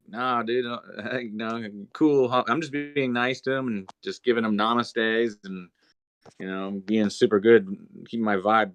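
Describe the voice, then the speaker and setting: A young man hosting a podcast, telling a story in a relaxed, rambling way with lots of fillers. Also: fairly low pitch, smooth, dry recording. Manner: laid-back rambling with many fillers. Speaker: podcast host. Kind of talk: casual storytelling chat.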